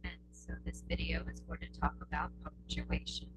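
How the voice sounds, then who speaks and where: In a very noisy recording, a woman with a low voice and big pitch swings teaches a test prep lesson on punctuation. She's slow and patient, repeating her points and often checking in with "okay?"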